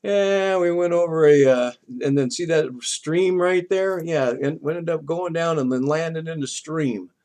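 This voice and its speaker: An older man casually telling a personal story as a vlog host, rambling and animated with halting restarts. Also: fairly high pitch.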